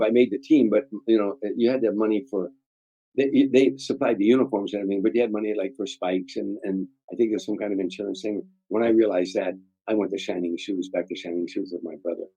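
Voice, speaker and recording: Dark-toned and fairly low, with a breathy edge, this older man's voice belongs to a Chicago-area comedian from the USA. He's a guest in a storytelling interview, rambling through heartfelt tales and repeating words often. The recording is dry, with dull audio.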